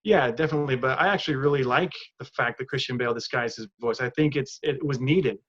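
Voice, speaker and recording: A man's voice: medium pitch, quick pace, fairly bright tone, highs cut off. A man co-hosting a podcast in a laid-back, casual way, hesitating with many fillers as he talks. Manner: laid-back, hesitant, often says "you know what I mean". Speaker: podcast co-host.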